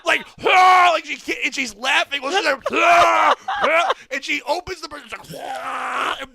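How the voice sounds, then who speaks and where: A man, a comedian, telling a story on a podcast in an excitable, profane way, acting out the screams of the crowd. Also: very high voice, quick pace, raised voice. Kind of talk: animated storytelling.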